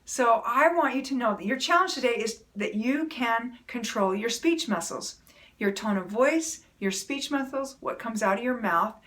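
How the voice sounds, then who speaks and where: A woman's voice: fairly high pitch, animated, normal speed, a bit bright. A middle-aged woman speaking earnestly to camera, giving encouraging, plain-spoken self-help advice. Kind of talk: motivational talk to camera.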